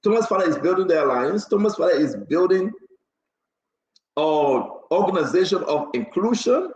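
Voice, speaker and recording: A man hosting a live political talk show, animated, teasing and laughing as he talks. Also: high-pitched, moderate pace, echoey room, low-quality recording. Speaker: show host. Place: New Jersey.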